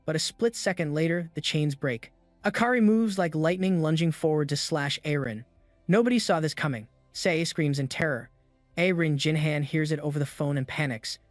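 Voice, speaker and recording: A man's voice: fairly high pitch, fairly quick, dry recording. A man narrating a comic recap as a scripted voice-over, reading all the characters' lines in his own voice. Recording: dry voice-over with music.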